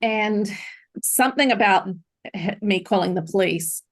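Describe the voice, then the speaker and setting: A woman's voice: medium pitch, a little slow. A middle-aged woman, a podcast guest, earnestly recounting a personal story in an interview.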